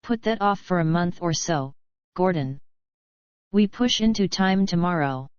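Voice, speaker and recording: A woman's voice: on the low side, animated, unhurried, clear, resonant tone, no echo, lo-fi sound. A woman reading the part of Jansen, a confident, joking male team leader, in an audiobook. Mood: easy, joking.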